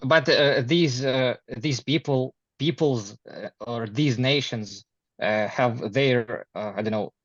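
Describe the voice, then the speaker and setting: A man practising English in a conversation class, speaking hesitantly with many pauses and restarts. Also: mid-range voice, slightly rough, dry recording, lo-fi sound. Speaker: English learner.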